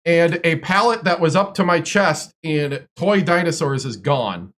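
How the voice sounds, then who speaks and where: A man's voice: a little high, lively intonation, a little slow, hardly any pauses, fairly bright tone. A man from Wisconsin, a streamer, telling long stories in casual chat with lots of fillers and restarts. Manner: rambling, filler-heavy storytelling.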